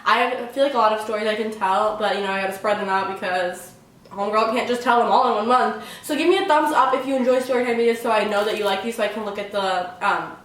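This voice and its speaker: A young woman telling a story on her vlog in a casual, excitable way, filling almost every phrase with "like". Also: medium pitch, quick pace. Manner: chatty, fills every phrase with "like"; excitable, dramatic retelling. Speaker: vlogger. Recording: very echoey room, mic at a distance.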